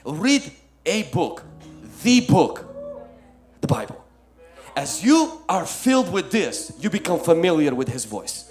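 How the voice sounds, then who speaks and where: Man, pastor, sermon, higher-pitched, emphatic then hushed, faint music behind. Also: big pitch swings, slow. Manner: emphatic preaching that swings between loud and soft; addresses listeners as "my friend".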